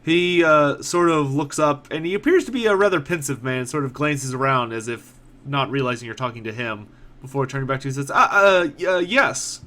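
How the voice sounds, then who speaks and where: Bright-voiced game master narrating. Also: male voice, mid-range voice, brisk. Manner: relaxed, filler-heavy narration.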